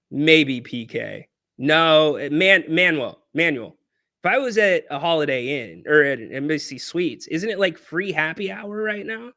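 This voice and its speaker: Playful sports-show host, dry close sound. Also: male voice, fairly high pitch, no room sound. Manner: playful, teasing, animated banter with the chat. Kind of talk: casual pregame chat with callers and chat. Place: hotel room, on location.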